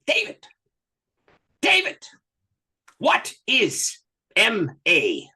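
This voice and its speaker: A man voicing a solemn visiting male preacher in a story he tells during an interview, speaking with urgency and then slowly and quietly. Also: on the low side, slightly rough. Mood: urgent.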